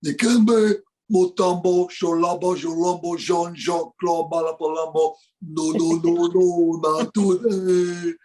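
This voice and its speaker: A man impersonating a retired basketball center with a big, deep, booming voice. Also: fairly even intonation, unhurried, long pauses, a little mellow.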